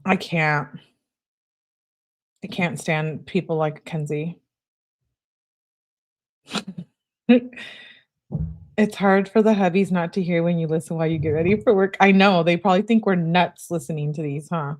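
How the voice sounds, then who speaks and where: Young woman, livestream host, lower pitch, casual commentary voice, reads texts aloud with chatty asides. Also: a little slow, long pauses, a little mellow. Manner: reads messages aloud, interjects reactions to chat. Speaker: livestream host reading text messages.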